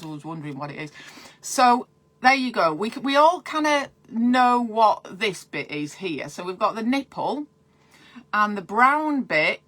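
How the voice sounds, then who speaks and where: Bright-voiced chatty midwife. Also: female voice, on the low side. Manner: chatty and digressive, breaks off to read viewer comments. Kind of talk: live-streamed breastfeeding advice.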